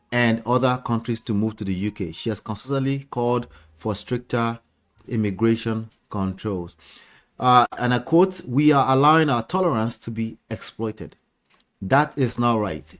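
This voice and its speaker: A man presenting a news report, reading quotes aloud and moving into chat with a co-host. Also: medium pitch. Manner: reads quotes aloud, laughs at his own attempt at a British accent.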